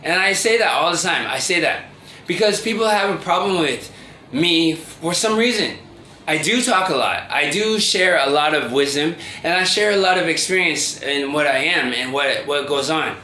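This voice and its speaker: A man in his thirties speaking a rambling, halting confessional monologue as a vlogger. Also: a little high, animated, pushed and bright. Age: 30s. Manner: rambling, halting, with many restarts and fillers. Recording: roomy echo with faint ambient noise.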